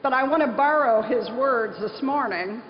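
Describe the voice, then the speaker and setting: A woman's voice: sits high, normal speed. A middle-aged woman from southern Ohio giving an earnest conference keynote, telling stories with emphasis. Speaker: nonprofit leader giving a conference speech. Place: large conference hall. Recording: echoey hall, dull lo-fi sound, faint hiss.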